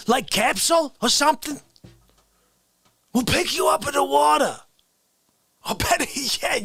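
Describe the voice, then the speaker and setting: Guy doing a bronx dude who gets offended at everything, gravelly, all over the place pitch-wise, yelling then whispering. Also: dry recording, exaggerated voice. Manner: swings between shouting and gravelly whispers. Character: indignant fast-ranting Bronx man, easily offended. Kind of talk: improvised comedy rant.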